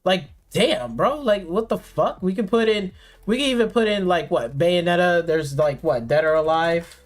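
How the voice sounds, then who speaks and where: Sarcastic high-voiced male streamer ranting. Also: normal speed. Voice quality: profane, exasperated, rambling with many fillers. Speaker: gaming streamer.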